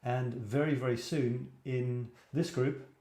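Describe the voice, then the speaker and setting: In an echoey room, a British man runs a relaxed photography livestream, meandering through his chat with self-mocking remarks. He speaks slowly in a mellow, mid-range voice that holds a steady tone.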